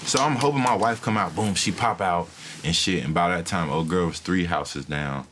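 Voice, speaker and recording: A man with a low-pitched voice tells a story on a casual podcast. His telling is profane and animated, full of acted-out quotes, with a faint noise under the recording. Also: moderate pace. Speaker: podcast co-host.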